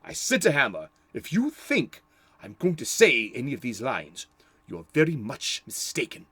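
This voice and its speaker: A man imitating an older male horror film actor, speaking in a measured, haughty way. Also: medium pitch, huge pitch swings, bright, forceful tone, slightly rough, dry recording, full character voice.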